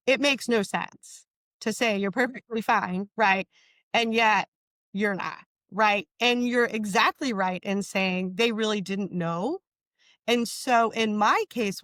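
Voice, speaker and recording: A woman with a mid-range voice speaks as an interview guest, earnest and emphatic, often pausing to check in with her listener. The sound is close-miked and dry. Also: medium pitch, fairly bright tone, no room sound. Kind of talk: conversational storytelling in an interview.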